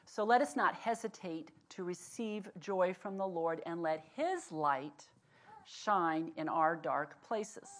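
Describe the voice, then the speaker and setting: A woman giving a devotional talk, telling a lively personal story and then slowing into earnest encouragement. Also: on the low side. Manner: animated storyteller turning earnest and slow when exhorting. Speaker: devotional speaker.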